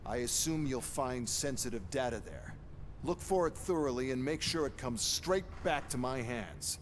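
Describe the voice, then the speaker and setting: A man's voice: mid-range voice, animated, moderate pace, a little hiss or hum, natural voice. A man playing a scornful corporate agent, reverberant. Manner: dismissive, crude.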